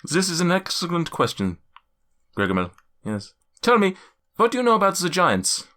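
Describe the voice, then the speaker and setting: A man voicing a friendly male cloud giant in a put-on German accent, speaking slowly and solemnly and asking "yes?" after each point. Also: high-pitched, huge pitch swings, bright, forceful tone, pitched above the performer's own voice, heavily acted. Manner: slow, solemn, ends lines with "yes?". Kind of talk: tabletop game character voice.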